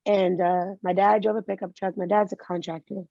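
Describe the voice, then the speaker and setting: A woman with a gravelly, creaky edge speaks candidly in an interview and slips into lively impressions of the people she quotes. The sound is dry and close, with a slightly muffled, dull tone like remote call audio. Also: medium pitch, brisk, no echo. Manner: candid storytelling, animated quoting of others. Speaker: guest. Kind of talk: interview conversation.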